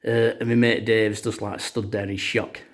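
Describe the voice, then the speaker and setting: A man's voice: on the low side, flat delivery, normal speed. Rambling male storyteller. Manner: rambling, lots of filler "uh"s and "bloody". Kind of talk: comic storytelling.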